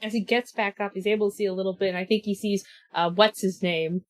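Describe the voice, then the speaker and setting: A woman playing a tabletop game, her voice in a middle pitch. She rambles through her character's actions, restarting sentences and laughing as she goes. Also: fairly even intonation, fast talker. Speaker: player. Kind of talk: casual chat during a tabletop game.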